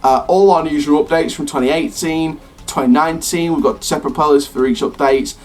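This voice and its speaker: Male YouTube host, slightly higher voice, eager and rambling, soft music under him. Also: steady tone, a little fast. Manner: rambling and eager, many fillers and restarts. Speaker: theme park news YouTuber. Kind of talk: excited casual chat to camera.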